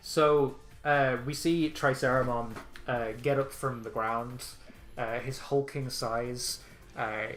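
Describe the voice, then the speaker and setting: A man in a middle pitch narrates a tabletop game as game master. His narration is loose, full of "uh" and "like". Faint music plays behind him. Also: fairly even intonation, slow pace, a bit bright. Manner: loose narration with many fillers.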